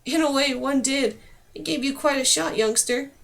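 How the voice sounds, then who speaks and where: A woman voicing a calm, caring woman knight. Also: high-pitched, normal speed, vocal fry.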